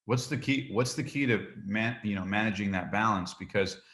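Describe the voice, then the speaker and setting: Deep-voiced interviewer with winding questions. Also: male voice, moderate pace, a bit bright. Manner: long winding questions with many fillers, frequent affirming murmurs. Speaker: interview host. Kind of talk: conversational interview.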